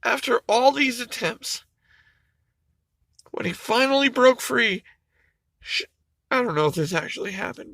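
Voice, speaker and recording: Emotional, swearing man with a bright voice. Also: very high-pitched, animated, unhurried, gravelly, long pauses, dry recording. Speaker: YouTuber. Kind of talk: casual emotional comic retelling.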